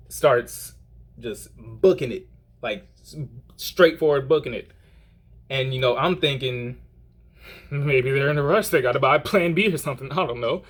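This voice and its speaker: A young man tells a story to the camera in a casual, animated way. He rambles with lots of fillers and restarts in a mid-pitched voice. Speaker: vlogger.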